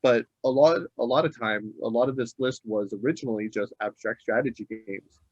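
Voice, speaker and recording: A relaxed man co-hosting a podcast, rambling a little as he works his thoughts out aloud. His voice sits at an ordinary middle pitch. The recording is dull and lo-fi, with a dry, close sound. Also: fairly quick, husky, no echo. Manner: easygoing, thinks aloud with many hesitations. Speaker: podcast co-host. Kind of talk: casual podcast chat.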